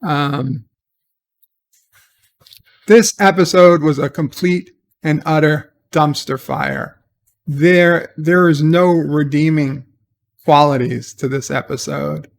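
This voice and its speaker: A man talks through his review of a TV episode in a gravelly voice pitched a little above the usual. He takes his time and sounds exasperated, circling back and restarting his sentences as he goes. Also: steady tone, slow pace, long pauses. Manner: exasperated, rambling, with repeated restarts. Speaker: TV show reviewer. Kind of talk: casual spoken review.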